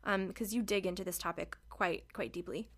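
A woman's voice: lowish voice, steady tone, moderate pace, a bit bright. A woman hosting a podcast interview, enthusiastic and chatty, with a gushing way of talking. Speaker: podcast host.

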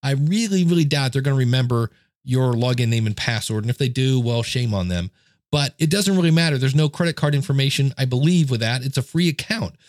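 A man's voice: medium pitch, expressive, brisk, a little mellow, no echo. Chatty man talking tech, dry close mic. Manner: chatty, self-deprecating, demonstrating gear. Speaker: podcast host. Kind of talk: casual how-to talk. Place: home desk setup. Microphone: dynamic studio mic, close.

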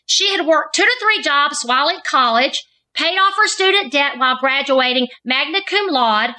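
A woman with a high, bright voice reads a prepared introduction for a podcast guest. She lands each trait in the list with deliberate emphasis. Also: low-quality recording. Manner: measured, emphatic reading of lists of traits. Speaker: co-host. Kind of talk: scripted narrated introduction.

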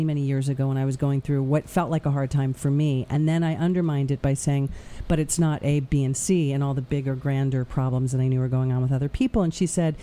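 A man's voice: on the high side, warm tone. A man hosting a podcast, reflective and supportive as he talks with a guest. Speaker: podcast host. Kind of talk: conversational interviewing.

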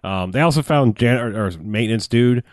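A man's voice: medium pitch, a little fast, no echo, studio quality. A man casually recapping a movie plot as a podcast co-host, rambling with lots of "like"s and a sardonic edge. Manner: rambling, many "like"s and restarts, sardonic.

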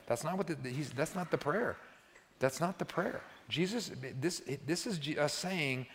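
A man's voice: a little high, expressive, moderate pace, slight background noise. A man in his sixties preaching a conversational sermon as pastor, often adding "right?" and building to emphatic peaks. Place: church sanctuary. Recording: long reverb of a church hall.

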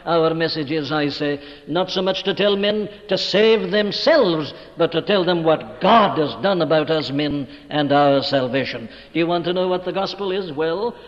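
A man preaching an evening sermon in an emphatic, declamatory way, hammering words with rising stress. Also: sits high. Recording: dull old recording with long hall reverb.

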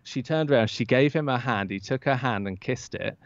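A man, a podcast guest and author, telling an anecdote in an interview and acting out the quoted lines with lively jumps in his voice. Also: medium pitch, brisk, no echo. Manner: lively storyteller who acts out quoted lines. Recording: dull lo-fi dry sound.

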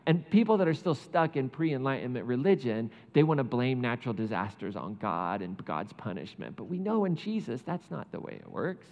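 A man giving a casual, conversational sermon, animated and chatty, laughing often and saying "like" a lot. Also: mid-range voice, brisk, few pauses. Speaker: preacher. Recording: muffled sound with long hall reverb.

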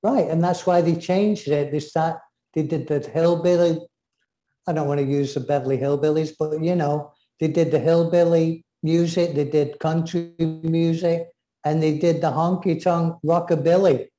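A man's voice: a little high, steady tone, moderate pace, mellow, roomy sound, low-quality recording. A man with an English accent, co-hosting a casual chat, talking enthusiastically and often trailing off mid-sentence. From England. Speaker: co-host.

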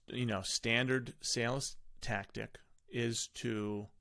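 A man's voice: medium pitch, creaky, a bit bright. A man hosting a parenting podcast in a casual, conversational way, often restarting his sentences. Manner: conversational, with frequent fillers and self-corrections. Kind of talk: casual solo podcast talk.

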